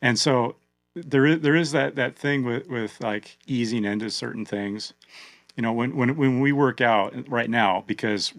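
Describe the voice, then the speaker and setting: A man with a gravelly, fry-laden voice hosts a casual podcast. He is recorded close and dry, and he tells stories in a chatty, laughing way. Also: medium pitch, measured pace, no room sound. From Oregon. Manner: chatty, laughs easily, storytelling. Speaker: podcast host.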